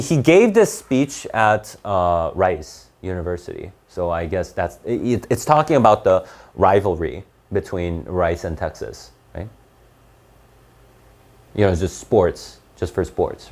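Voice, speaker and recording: A man's voice: lowish voice, darkish tone. A man giving a casual explanatory lesson, rambling and checking in with "right?" often. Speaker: English teacher.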